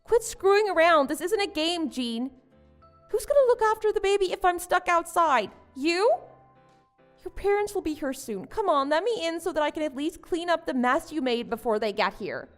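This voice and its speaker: A woman's voice: very high-pitched, expressive, normal speed, soft background music. A woman voicing a wronged young wife and new mother who protests and pleads with her husband. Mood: protesting. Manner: indignant, pleading. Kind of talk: story drama voice acting.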